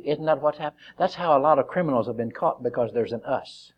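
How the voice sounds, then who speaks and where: A man's voice: mid-range voice, fast talker, hardly any pauses. A male preacher giving a sermon, joking with the congregation and acting out the verses he reads. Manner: lively, joking, acts out quotes.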